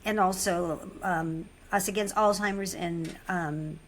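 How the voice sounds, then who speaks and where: Animated woman podcast host. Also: fairly low pitch, slow, a little hiss or hum. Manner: animated, restarts often, emphatic. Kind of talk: conversational interview.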